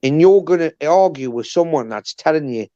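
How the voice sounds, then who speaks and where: A man's voice: a little high, lively intonation, normal speed, mellow, highs cut off. A tradesman bantering and teasing as a guest on a livestream call, repeating himself and saying "mate" often. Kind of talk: casual banter.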